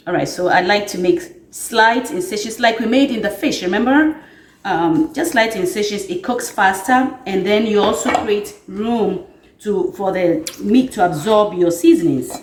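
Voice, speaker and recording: A woman's voice: medium pitch, darkish tone. Chatty woman cooking in an echoey kitchen. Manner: chatty, checks in with listeners. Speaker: home cooking instructor. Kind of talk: casual cooking demonstration. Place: home kitchen. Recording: echoey kitchen, mic at a distance.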